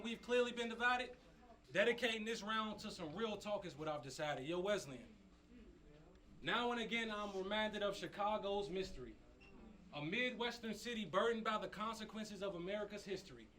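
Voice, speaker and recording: Man, battle rapper, taunting storyteller, high and bright tone. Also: moderate pace, poor audio. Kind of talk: live battle rap verses. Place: upper-floor campus venue with a live crowd.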